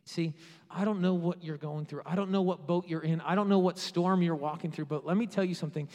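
A man preaching a sermon with passion, rising to loud peaks and dropping to quiet asides. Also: high-pitched, steady tone, brisk. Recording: long hall reverb.

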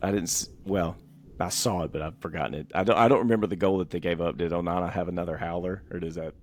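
A man's voice: sits low, fast talker, slight background noise. An American man co-hosting a casual sports podcast, talking loosely with lots of fillers and restarts. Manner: relaxed, rambling with many fillers and restarts. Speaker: podcast co-host.

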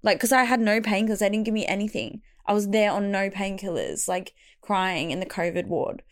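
A young woman, chatting casually as a co-host and telling a lively story. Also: mid-range voice, normal speed. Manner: lively storyteller, acts out what others said. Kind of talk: casual chat.

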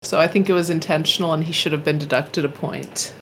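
A woman's voice: low-pitched, fairly even intonation, fast talker, a little hiss or hum. A woman co-hosting a casual podcast, chatty and opinionated, often laughing. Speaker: podcast co-host. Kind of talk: casual chat.

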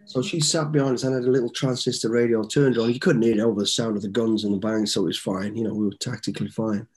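A man's voice: on the low side, fairly even intonation, fast, darkish tone, husky. A man in his fifties, a guest telling easygoing, rambling stories with frequent restarts. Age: 50s. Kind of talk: casual storytelling interview.

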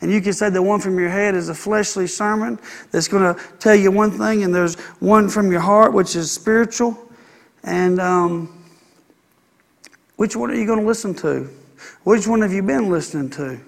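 A middle-aged pastor preaches a folksy, conversational sermon with playful asides. His voice sits high for a man and carries a gravelly, fry-edged grain. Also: fairly even intonation, normal speed.

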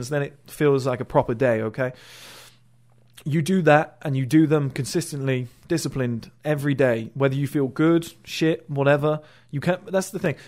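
A man hosting his own motivational channel, talking bluntly and sarcastically and mocking people's excuses in put-on voices. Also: medium pitch. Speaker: motivational video host. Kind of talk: casual motivational monologue.

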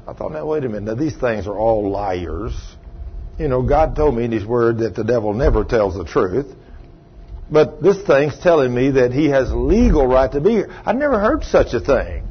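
A man's voice: medium pitch, expressive, normal speed, husky. A middle-aged man preaching a sermon as a story, folksy in tone and rising to emphatic outbursts. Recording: dull lo-fi recording.

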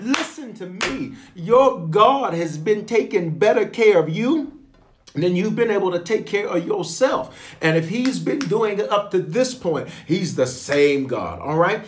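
A man serving as a bishop, leading a livestreamed prayer with emphatic, repetitive, preacherly phrasing. He talks colloquially and speaks straight to his viewers. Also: on the high side. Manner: colloquial, addresses viewers directly.

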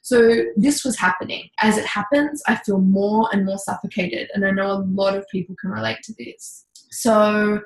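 A woman coach telling a candid personal story in a casual, lively way, with mild swearing. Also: mid-range voice, normal speed, echoey room, rough recording. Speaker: intuitive coach, podcast guest.

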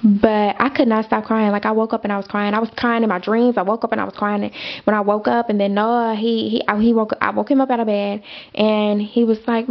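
Gravelly-voiced woman podcaster, candid chat. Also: mid-range voice, level tone, brisk, lo-fi sound. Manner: candid, chatty, many fillers and asides to listeners. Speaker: podcast host. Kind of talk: personal storytelling chat.

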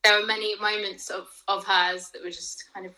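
A woman's voice: mid-range voice, little pitch movement, moderate pace, sharp tone, low-quality recording. A woman, a podcast guest, chatting casually and hesitantly with frequent ums. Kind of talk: casual chat.

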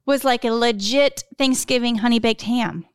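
Bright-voiced woman telling stories. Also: fairly high pitch, normal speed, clear, resonant tone, no echo. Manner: animated storytelling, acts out quoted voices. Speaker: podcast co-host. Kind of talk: casual chat.

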